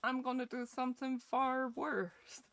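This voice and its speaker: A woman's voice: high voice, flat delivery, measured pace, fairly bright tone, no echo. Chatty Scottish woman gaming streamer. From Scotland. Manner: joking, sweary, chatty with viewers. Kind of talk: casual game commentary with chat.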